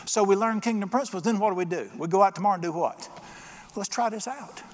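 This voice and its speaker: His voice sits high and moves at a quick pace as this middle-aged pastor preaches in a church sanctuary. The sermon is folksy and story-driven, with little acted-out voices in the jokes, and the recording has a long church reverb.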